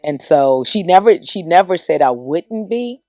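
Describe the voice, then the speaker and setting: A middle-aged woman telling stories as a podcast guest in a dry studio. She talks in a lively, animated way and acts out the people she quotes. Her voice sounds like that of a radio personality. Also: on the low side, measured pace, no echo. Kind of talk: casual podcast storytelling.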